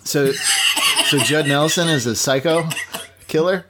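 A man's voice: a little high, slow pace, very noisy. A man hosting a casual chat over a video call, reacting easily and retelling a movie plot.

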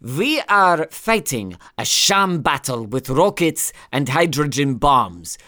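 A woman voicing a pompous male German psychologist in a bad, put-on German accent that slides toward Scottish, declaiming slowly. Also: low voice, very animated, a bit bright, full character voice. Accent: German, put on badly, drifting Scottish.

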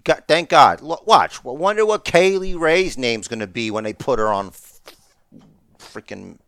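A man's voice: mid-range voice, expressive, moderate pace, a bit bright, no room sound. A man co-hosting a podcast, chatting casually with lots of restarts and jokes. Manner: rambling, joking, many restarts. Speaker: podcast co-host. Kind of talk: casual wrestling chat.

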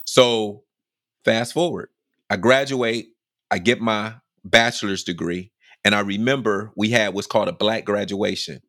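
Animated storytelling man, dry sound. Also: fairly low pitch, unhurried, no echo. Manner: animated, repeats phrases for emphasis, acts out quotes. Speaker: podcast speaker telling his life story. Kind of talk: casual personal storytelling.

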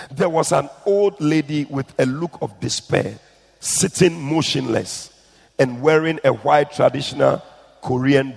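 A man's voice: mid-range voice, gravelly, slightly rough. A man preaching a sermon and retelling a testimony, pleading urgently with his listeners. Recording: echoey hall.

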